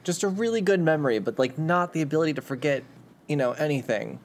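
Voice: medium pitch, lively intonation, fast talker, a little hiss or hum. Rambling, musing podcast co-host. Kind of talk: casual chat.

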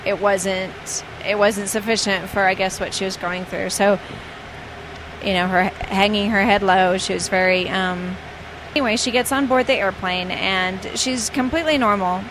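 A woman telling stories from her work as a flight attendant, chatty and loose, with plenty of ums and restarts. Her voice sits at an ordinary middle pitch. Clear noise runs behind her, with the sounds of traffic and the street. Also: fairly even intonation, moderate pace. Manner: chatty, hesitant with many fillers. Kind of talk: casual storytelling.

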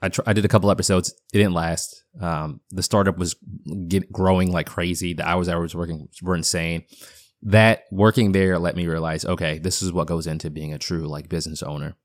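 A man in his thirties talks through a solo podcast update in a relaxed, rambling way, full of fillers and restarts. His voice sits very low, with a faint Boston accent. The sound is dry and close, with no room around it. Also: fairly quick, no echo. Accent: partial Boston. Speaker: podcast host. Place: home basement.

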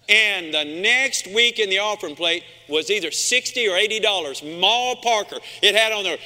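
Bright-voiced preacher in an echoing hall. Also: male voice, sits high, expressive, moderate pace, few pauses. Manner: emphatic, calls out to the congregation. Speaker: pastor. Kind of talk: sermon. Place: church sanctuary. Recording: long reverb in a large room.

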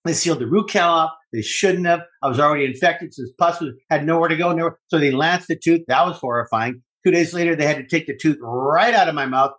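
A man co-hosting a casual podcast chat, telling stories in an animated, profane way. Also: fairly high pitch, fast talker, hardly any pauses, poor audio. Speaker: podcast co-host.

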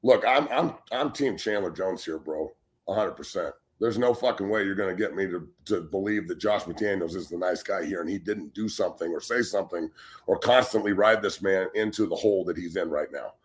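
A man's voice: low voice, fairly quick. A man in his forties, a former football player and show guest, ranting bluntly and with heavy swearing, often restarting his words. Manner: blunt, heated and heavily profane; repeats words when starting sentences. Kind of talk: casual sports talk show rant.

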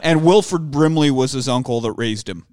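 A man's voice: mid-range voice, normal speed, a little mellow, no room sound, clean studio sound. A man co-hosting a casual movie podcast, joking and cursing as he rambles through a film. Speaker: podcast co-host.

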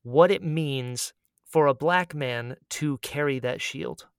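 A man's voice: fairly high pitch, takes it slowly, vocal fry, clean tone, dry recording, clean studio sound. A man co-hosting a casual pop-culture podcast, talking enthusiastically and gushing over shows he loves. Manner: enthusiastic, gushing recommendations, many "like" fillers. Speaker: podcast co-host. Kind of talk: casual chat.

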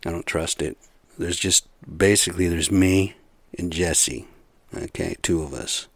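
A man's voice: low voice, steady tone, unhurried, no echo. A man talking straight to his viewers in a rambling, profane rant, full of rhetorical questions and asides. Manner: rambling, heavy swearing, asks rhetorical questions. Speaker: vlogger. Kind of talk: casual profane rant to camera.

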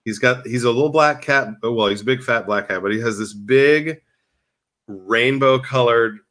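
A man in casual comedic chat, telling animated stories as a podcast co-host. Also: mid-range voice, moderate pace. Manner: animated storytelling with laughs.

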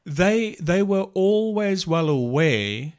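A man co-hosting a casual faith talk, retelling Bible stories in an unhurried way with many restarts. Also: high-pitched, animated. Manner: slow, unhurried storytelling with restarts and laughs.

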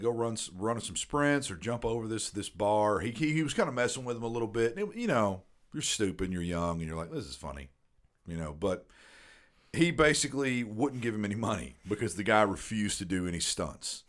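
Man in his 30s, podcast host, low voice, rambling and profane storyteller. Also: animated, fast, a bit bright. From Tennessee. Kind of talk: casual storytelling.

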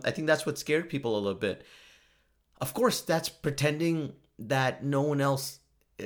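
A man giving a casual, joking commentary monologue, often laughing at himself. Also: mid-range voice. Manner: joking, self-mocking, frequent laughs. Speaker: vlogger.

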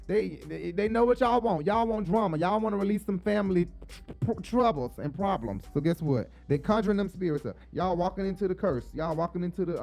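A man's voice: high-pitched, gravelly, darkish tone. A man giving blunt, profane, sassy commentary while reacting to a reality show.

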